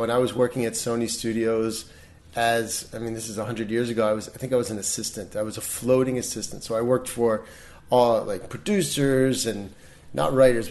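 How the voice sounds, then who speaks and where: Animated middle-aged man telling stories. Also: medium pitch. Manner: animated storyteller, many restarts. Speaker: guest. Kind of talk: casual interview storytelling.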